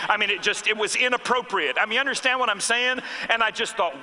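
A man's voice: sits high, lively intonation, normal speed, hardly any pauses, pushed and bright, in a large hall, slight background noise. A man preaching as a pastor, telling a story conversationally with self-corrections. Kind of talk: sermon storytelling.

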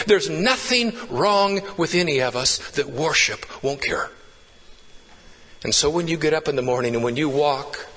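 A pastor preaching a sermon with fervent rises and hushed, intimate drops. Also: male voice, on the high side, in a large hall, poor audio.

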